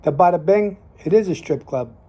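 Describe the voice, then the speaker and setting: A man's voice: high voice, expressive, normal speed, dark tone, slightly rough. An older man from New Jersey with a Jersey accent, talking in a casual, rambling monologue full of fillers. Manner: rambling, repeats himself, trails off in fillers. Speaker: host.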